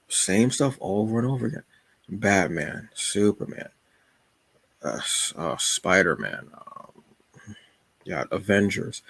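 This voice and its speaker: Casual vlog host, male, low gravelly husky voice, joking and rambling, dry close sound. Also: no echo. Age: adult. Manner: relaxed, joking, storytelling with asides. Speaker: channel host. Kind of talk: casual talk about comics and books.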